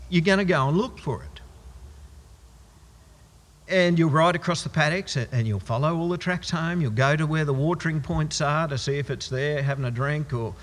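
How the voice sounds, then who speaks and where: A man's voice: on the high side, in a large hall. A man preaching a sermon in a conversational, wry style with exaggerated asides.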